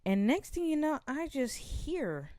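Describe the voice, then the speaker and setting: A young woman co-hosting a podcast, telling a long story in an animated way, full of slang. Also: high-pitched, measured pace, no echo. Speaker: podcast co-host.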